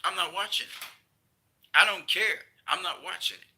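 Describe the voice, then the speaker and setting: A man's voice: sits high, animated, moderate pace, bright, forceful tone, a little hiss or hum, low-quality recording. A man ranting in a casual video commentary, heated and emphatic, repeating his points. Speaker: vlogger.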